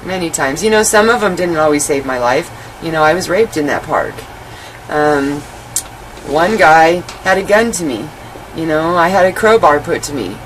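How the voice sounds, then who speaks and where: Low-voiced woman telling her story. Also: normal speed, slight background noise, rough recording. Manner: animated, many "you know" fillers. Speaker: interview guest telling her life story. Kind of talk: candid personal storytelling.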